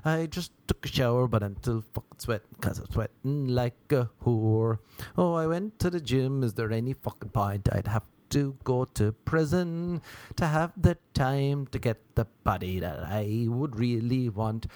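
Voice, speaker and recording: A man's voice: medium pitch, unhurried, darkish tone, no echo. Profane, rambling man. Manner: profane, rambling, self-mocking, breaks into nonsense sing-song. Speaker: podcast host. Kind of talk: casual solo podcast monologue.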